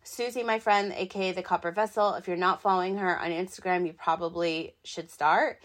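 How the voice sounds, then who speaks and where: A woman in her thirties hosting her own podcast, talking in a chatty, excitable, rambling way with lots of fillers. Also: on the low side, fairly quick. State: hiccups. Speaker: podcast host. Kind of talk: casual solo podcast talk.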